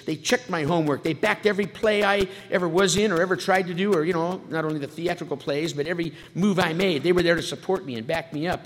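On the high side and fairly bright, his voice carries through a reverberant hall with faint background noise. The speaker, a San Fernando Valley man in California, tells his life story at a recovery meeting with humor, wisecracking and acting out the voices he quotes.

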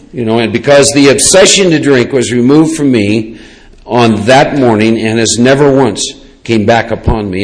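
A man, telling his personal recovery story in a rambling, lively way with many asides. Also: medium pitch, rough recording. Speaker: recovery speaker. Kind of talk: personal testimony talk.

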